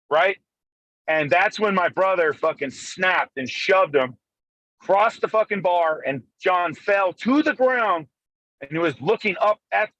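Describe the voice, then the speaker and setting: A man on a phone call from his car, telling a fast, profane, animated story in a casual chat. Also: high voice, dry recording. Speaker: guest arm wrestler. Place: in a moving car.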